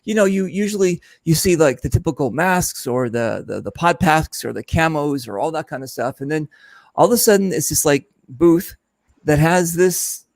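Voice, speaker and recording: A man hosting an informal conversation at an event booth, telling a story with lots of energy and acting out what others said. His voice sits a little high, and the sound is dry and close. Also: moderate pace, no room sound. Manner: animated storyteller, mimics others in his stories. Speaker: host. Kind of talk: casual chat.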